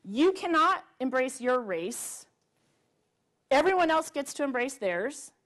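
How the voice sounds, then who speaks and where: A middle-aged woman giving an earnest, emphatic public talk to a live audience, pausing on rhetorical questions. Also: sits high, sing-song, fairly bright tone. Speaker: public speaker. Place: library event room with audience.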